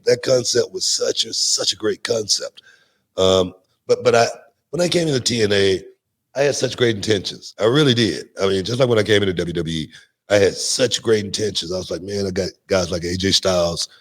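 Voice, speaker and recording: Guest, older man, low register, animated storyteller who repeats words. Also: fairly quick. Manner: animated, repeats words, laughs mid-sentence. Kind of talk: casual interview storytelling.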